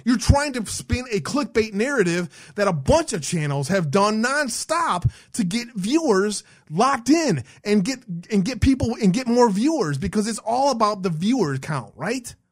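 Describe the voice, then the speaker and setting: A man's voice: sits high, sing-song, unhurried, few pauses. A man hosting an online show, ranting with heavy swearing, blunt and rambling, often restarting his sentences. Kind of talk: heated ranting commentary.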